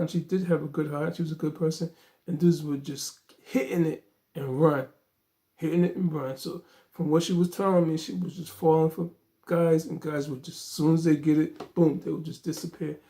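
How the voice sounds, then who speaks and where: High, gravelly-voiced man telling a story. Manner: animated, acts out dialogue, frequent fillers. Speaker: vlogger. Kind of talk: casual storytelling.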